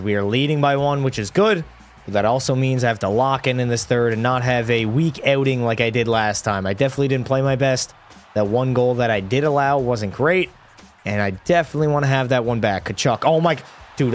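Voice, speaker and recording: A man calls hockey video game action into a desk microphone at home, in a mid-range voice. He talks like a play-by-play announcer and breaks into excitable, frustrated outbursts. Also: mid-range voice, a little hiss or hum. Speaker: gaming creator. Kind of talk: live gameplay commentary.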